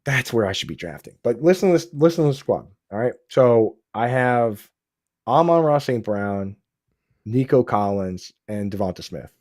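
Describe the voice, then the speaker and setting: In a casual fantasy football conversation, an excitable podcast host speaks at normal speed with a warm, mellow voice of medium pitch. Sentences often start over, sprinkled with "dude" and "bro," and the audio sounds close and dry.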